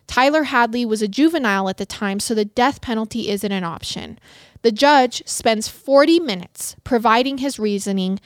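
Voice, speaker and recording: A woman's voice: a little high, moderate pace, dry recording, clean studio sound. A woman co-hosting a true crime podcast, narrating a case in an earnest, emotional way. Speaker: podcast co-host.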